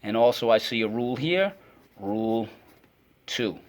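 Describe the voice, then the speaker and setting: Guy running a kids phonics class, upbeat, says each word twice, average pitch. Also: measured pace, background noise. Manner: energetic, repeats words for children to echo. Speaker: phonics teacher.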